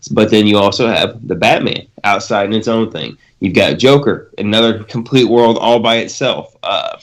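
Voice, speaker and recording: A man co-hosting a podcast in animated, casual chat, talking fast and filling his speech with asides. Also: on the low side. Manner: animated, talks over others, lots of fillers. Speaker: podcast co-host.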